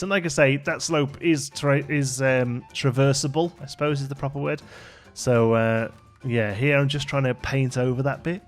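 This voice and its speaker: A tired man chatting casually over a building game, rambling with plenty of fillers and self-deprecating asides. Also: mid-range voice. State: tired, yawning. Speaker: gaming YouTuber. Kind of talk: casual let's play commentary.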